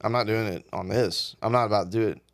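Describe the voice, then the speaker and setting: A man's voice: lowish voice, quick pace. A man co-hosting a comedy podcast, telling rambling stories in casual chat and swearing freely. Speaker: podcast co-host.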